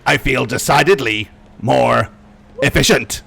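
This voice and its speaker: Man playing a robot butler type, stiffly polite, gravelly, mid-pitched, formal droid in a tabletop game. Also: a little slow, a crowd in the background. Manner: stiffly polite, precise diction. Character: prim, formal male protocol droid. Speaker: droid character voiced by the game master.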